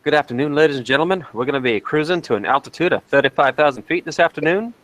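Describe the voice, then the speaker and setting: A man's voice: on the high side, expressive, fast talker, fairly bright tone, low-quality recording. A man doing a folksy Southern airline captain. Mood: announcing.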